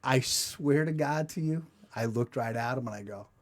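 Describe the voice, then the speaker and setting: A male podcast host speaks at normal speed in a mid-range voice. He tells a funny story casually, with profanity and plenty of self-mockery.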